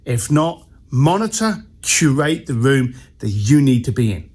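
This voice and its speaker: A man's voice: medium pitch, very animated, unhurried, darkish tone, breathy edge. A man, an entrepreneur coach, telling a blunt and punchy motivational story. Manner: blunt, punchy, acts out dialogue.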